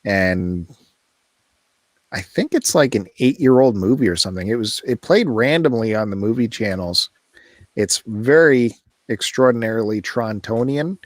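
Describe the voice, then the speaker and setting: A man's voice: lowish voice, normal speed, no room sound, clean studio sound. A man hosting a podcast, chatting casually and teasing his co-host. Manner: teasing, animated, laughs often. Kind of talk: casual chat.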